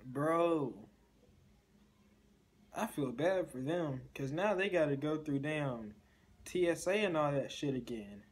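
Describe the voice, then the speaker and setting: A man's voice: on the high side, takes it slowly, long pauses, husky. A man reacting to a played story with casual commentary, blunt and profane, rambling through his asides. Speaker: reaction video host.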